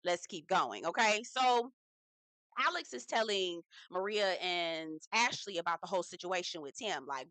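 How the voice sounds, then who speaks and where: Sex: woman. Role: reality TV recap host. Style: casual commentary. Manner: sassy and slangy, talks straight to viewers. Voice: bright and forceful. Sound: dry. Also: on the low side, lively intonation, unhurried, no echo.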